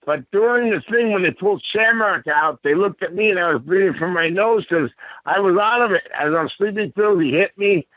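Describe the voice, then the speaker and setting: Middle-aged male guest with a high voice, eagerly cutting in to tell a story, on tinny, phone-like audio. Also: normal speed, dry recording. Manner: eager, repeats himself. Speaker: podcast guest. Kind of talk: casual storytelling.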